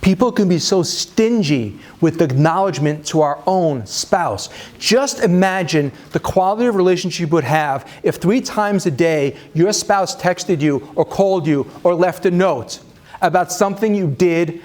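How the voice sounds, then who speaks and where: A man's voice: high voice, lively intonation, normal speed, darkish tone. A man leading a marriage seminar, talking conversationally to an audience with self-deprecating humor, many fillers and restarts. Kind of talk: live seminar talk to an audience.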